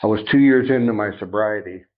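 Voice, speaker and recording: A middle-aged man on a podcast telling a personal recovery story, animated and acting out each side of the dialogue. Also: lowish voice, brisk. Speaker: podcast guest. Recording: dull lo-fi sound.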